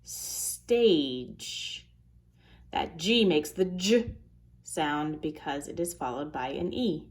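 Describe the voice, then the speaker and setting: A woman teaches phonics to young students, carefully sounding out each letter and word. She speaks in a low voice at a very slow, deliberate pace. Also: animated. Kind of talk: phonics lesson for children.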